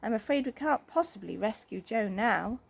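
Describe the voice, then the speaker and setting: A woman voicing Moonface, a bossy, decided magical man, in a storybook reading, speaking firmly and briskly. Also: fairly high pitch, expressive, vocal fry, husky, exaggerated voice. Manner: firm and brisk.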